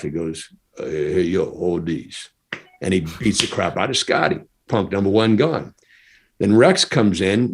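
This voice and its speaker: Middle-aged american guy telling a stunt story, lowish voice, laughs a lot and acts out what people said. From United States. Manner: animated, laughs often, acts out quotes. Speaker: guest, former stuntman. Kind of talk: casual storytelling.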